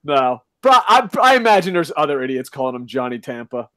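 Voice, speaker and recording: A man co-hosting a casual podcast, ranting loudly with lots of swearing. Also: mid-range voice, sing-song, a little fast, dry recording. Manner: loud, profane ranting. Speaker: podcast co-host.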